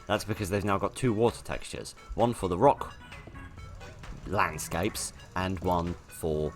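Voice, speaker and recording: A man chats his way through a video game with rambling, self-deprecating commentary. His voice sits very low. Faint music plays behind him. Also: unhurried. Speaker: let's play host. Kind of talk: casual gameplay commentary.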